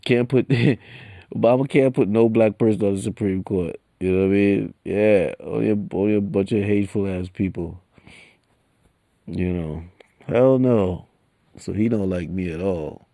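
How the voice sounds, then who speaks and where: A man's voice: on the low side, unhurried, gravelly, mellow. A man hosting a solo podcast in casual, profane street slang, laughing between lines. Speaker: podcast host.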